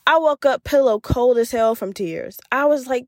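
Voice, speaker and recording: A woman hosting a podcast, telling a story in a casual, animated way and acting out the voices she quotes, laughing often. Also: sits high, moderate pace, no echo, studio quality. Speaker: podcast host.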